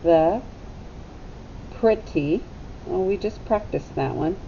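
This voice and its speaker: A woman teacher giving a phonics lesson to young children, sounding out letters slowly and deliberately. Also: gravelly, mellow. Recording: slightly dull recording with faint rumble.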